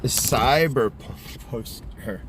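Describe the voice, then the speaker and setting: A man's voice: medium pitch, slow pace, slight background noise. A man casually livestreaming from a car, rambling in loose slangy talk full of fillers. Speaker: streamer. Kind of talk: casual mobile livestream chat.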